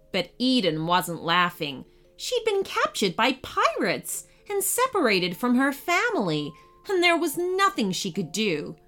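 Slow, expressive woman storyteller. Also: a little high. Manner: slow, expressive, animated reading. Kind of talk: children's bedtime story narration. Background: faint music.

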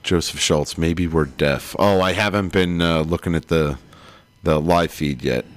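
A man's voice: deep voice, unhurried, no room sound. Rambling male podcast host. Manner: rambling, many fillers and restarts. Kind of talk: casual chat.

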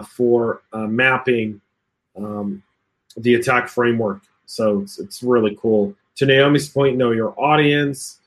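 A man with a mid-range, fairly bright voice hosts a casual panel chat on cybersecurity. He reads out comments, jokes and laughs often, and uses plenty of fillers.

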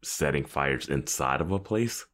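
A man with a very deep voice chatting on a podcast. He talks loosely, trails off, and leans on fillers as he thinks aloud. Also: a little slow. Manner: relaxed, trails off, fillers like "like" and "you know". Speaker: podcast co-host. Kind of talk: casual recap chat.

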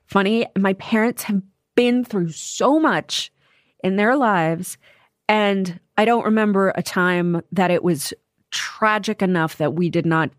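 A woman in her forties, an actress and author, talking frankly and with humor in an interview, sometimes swearing and telling lively stories. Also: medium pitch, dry recording, clean studio sound. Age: 40s. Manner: frank, profane, animated storytelling. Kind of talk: candid interview conversation.

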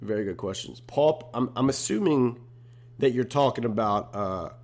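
A young man with a medium-pitched voice hosts his own podcast alone. He chats loosely and easily in slang, calling listeners bro and man. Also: expressive, normal speed, a little mellow. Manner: laid-back slangy talk, bro and man. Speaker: podcast host. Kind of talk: casual solo podcast chat.

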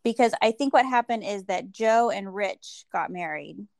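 A woman's voice: medium pitch, moderate pace, gravelly, darkish tone, no echo, studio quality. A woman co-hosting a podcast, chatting casually and laughing often. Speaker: podcast co-host. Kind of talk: casual chat.

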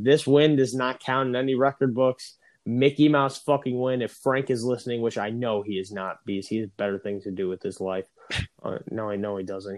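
A man's voice: fairly low pitch, a little mellow, no room sound. Profane, grumbling young man, dry sound. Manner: profane, grumbling, quick to rant. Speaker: podcast host. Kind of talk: casual podcast banter. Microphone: recorded over a phone or call.

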